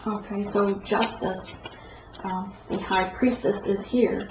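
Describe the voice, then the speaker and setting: A woman giving a rambling tarot card reading, with a stuffed-up nose and a halting, self-correcting way of talking. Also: medium pitch, steady tone. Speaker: tarot reader. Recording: echoey room, dull lo-fi sound, faint noise.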